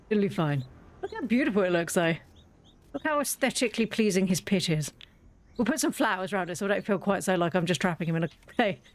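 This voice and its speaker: Chatty woman playing a game. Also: mid-range voice. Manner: chatty, talks fondly to her game animals; wry and self-mocking. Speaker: gaming video creator. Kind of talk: casual let's-play commentary.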